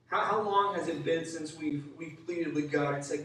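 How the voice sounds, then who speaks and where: A man's voice: high-pitched, fairly quick, hardly any pauses, fairly bright tone. A male pastor preaching with energy, calling for responses from the congregation and acting out the voices of people in the story. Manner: acts out voices of biblical figures. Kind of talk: sermon. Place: church sanctuary. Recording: very echoey hall, voice from far off.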